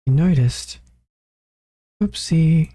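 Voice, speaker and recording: Hitori, a drowsy calm bird professor, as a streamer puts him on. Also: mid-range voice, dry recording, studio quality. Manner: slow, sleepy, mild-mannered. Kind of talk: reading game dialogue aloud.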